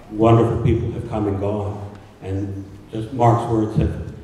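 An older man giving a memorial eulogy as a newspaper editor, pausing often with ums and restarts. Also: fairly low pitch, dark tone, a little hiss or hum. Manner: hesitant, many pauses and fillers. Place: large hall at a memorial service. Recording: echoey hall, from far off.

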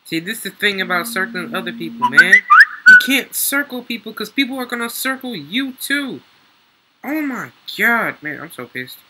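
A young man, excitedly commentating his gameplay, slangy and swearing freely. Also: high voice, normal speed, background noise. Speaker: gaming YouTuber.

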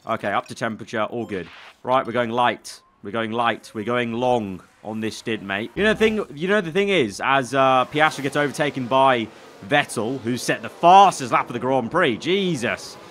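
A young man commentating live as he plays a racing management game, excitable and talking to himself. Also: medium pitch, moderate pace, slight background noise. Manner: excitable, talks to himself while managing the race. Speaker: gaming YouTuber.

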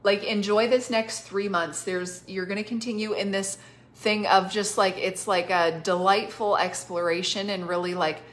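A medium-pitched woman with fairly even intonation and a moderate pace delivers spontaneous prophecies to people during a live stream. Effusive and chatty, she laughs a lot and keeps saying "like," all while coughing and on cough syrup.

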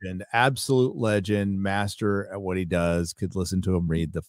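A man chatting casually as a guest, making quick, animated asides. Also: deep voice, no echo, studio quality. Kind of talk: casual chat.

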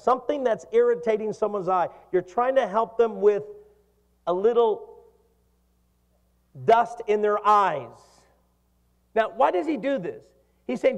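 A middle-aged male pastor preaching a sermon with a fairly high voice. He is animated and asks his congregation questions. The sound carries a long reverb from the church hall. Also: unhurried, long pauses.

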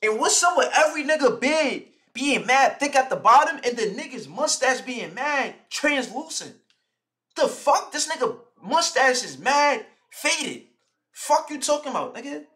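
A man's voice: extremely high pitch, big pitch swings, measured pace, sharp tone. A young man live streaming, roasting someone in a heated, mocking, profane rant. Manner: mocking, heated, swears constantly.

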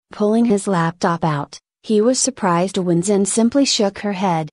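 Steady woman reading a story. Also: medium pitch, measured pace, hardly any pauses, no echo, clean studio sound. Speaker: narrator.

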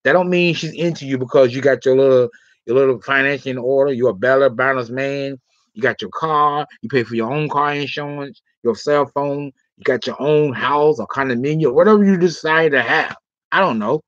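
A man's voice: medium pitch, a little fast, a bit bright, dry recording. A man talks through dating advice in a loose, rambling way, tagging nearly every thought with "all right?" or "okay?". The sound is dry and a little dull, like a cheap lo-fi mic in a small room. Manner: rambling, filler-heavy talk ending lines with 'all right' and 'okay'. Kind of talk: casual livestream advice talk.

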